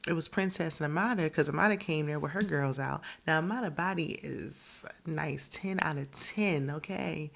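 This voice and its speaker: Her deep voice is creaky as she hosts a reality TV recap. She gossips casually and with animation, laughing frequently and doing voices when she quotes people.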